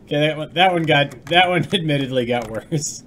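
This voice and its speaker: A man's voice: fairly high pitch, normal speed, a bit bright, slight background noise. A man streaming his game development work live, chatting casually with viewers and laughing often.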